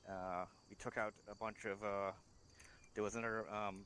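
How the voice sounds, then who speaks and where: Man, squad member, halting report, fairly low voice, faint background noise. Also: level tone. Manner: halting, many fillers. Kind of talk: debrief report.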